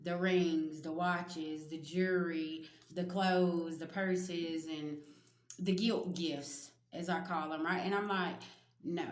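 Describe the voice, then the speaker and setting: A woman's voice: lowish voice, reverberant. Blunt, cussing woman giving a spiritual reading. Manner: blunt, profane and emphatic, talks straight to viewers. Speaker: spiritual reader. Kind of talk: casual spiritual reading to viewers.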